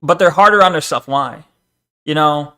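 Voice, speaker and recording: A man's voice: on the high side, moderate pace, sharp tone, clear, resonant tone. A man streaming live, reacting to a video with rambling casual commentary full of fillers. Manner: rambling, talks over the video, frequent fillers.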